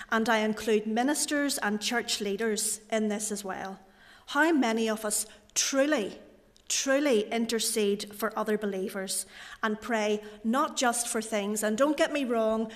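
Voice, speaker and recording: A middle-aged woman preaches a sermon in a gently humorous, storytelling way. Her voice sits fairly high and carries a long reverb from the church hall.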